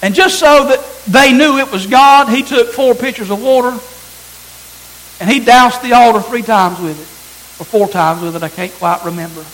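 A man's voice: extremely high pitch, normal speed, a bit bright, rough recording. A man preaching a sermon, reading scripture aloud and repeating phrases for emphasis.

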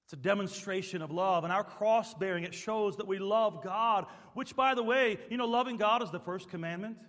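A man preaching a sermon as pastor, swinging from quiet, conversational asides to loud, emphatic preaching. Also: high-pitched, normal speed, hardly any pauses, in a large hall.

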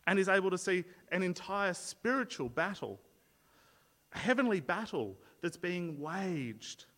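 Earnest male preacher in a reverberant hall. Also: on the high side. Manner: earnest, explanatory, frequent word repeats and restarts. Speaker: pastor. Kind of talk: sermon.

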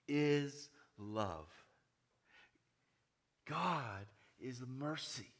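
A pastor with a slightly high voice preaches a sermon, going from hushed, quiet lines to loud, raised ones. He poses many questions to his listeners.

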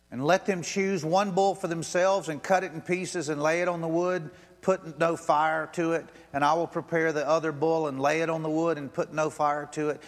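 A man preaching a sermon, telling the story dramatically and swinging between loud outbursts and hushed moments. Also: on the high side, in a large hall. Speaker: pastor.

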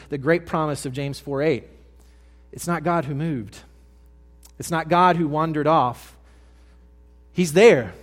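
A young adult male pastor preaching a sermon, earnest, dropping to hushed tones and then rising to loud emphatic lines. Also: a little high.

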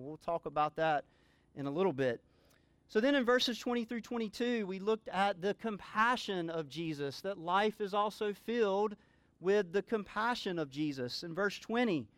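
A man's voice: sits high, clear, resonant tone, no room sound. A man preaching a sermon, earnest and building to emphatic exclamations. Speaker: pastor.

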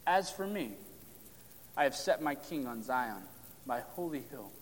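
A man preaching a sermon on a psalm, emphatic, pressing hard on key lines and then dropping to a hush. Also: medium pitch, very animated, measured pace, slight background noise. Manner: emphatic, drops to hushed tones for stress. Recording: long hall reverb.

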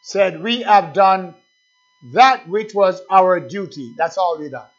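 Male preacher, slow deliberate sermon delivery building to fervent calls, dull low-fi recording. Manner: preaching with rising, fervent calls and quiet asides.

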